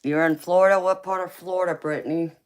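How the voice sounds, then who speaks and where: A woman's voice: fairly low pitch, steady tone, fast talker. A woman with a heavy Southern American accent hosting a casual tarot livestream, sassy and teasing, laughing often and calling viewers honey and baby. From Southern United States. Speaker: tarot reader and livestream host.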